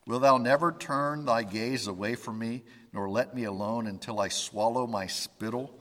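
In a reverberant hall, a pastor with a fairly bright, medium-pitched voice gives a conversational sermon. He quotes the pleas of scripture figures to God, restarting his sentences now and then.

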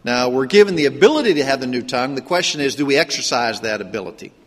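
A man's voice: medium pitch, expressive, fast talker. Man preaching in a reverberant church hall. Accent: Pittsburgh. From Pittsburgh, Pennsylvania. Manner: conversational preaching, frequent rhetorical questions and restarts. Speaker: pastor. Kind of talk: sermon. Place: church sanctuary.

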